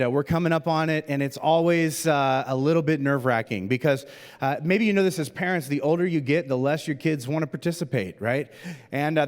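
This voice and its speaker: A middle-aged male pastor giving a humorous sermon, chatty and self-deprecating, with plenty of "uh"s and "like"s. His voice sits a bit high for a man. A long reverb from the church auditorium trails after each phrase.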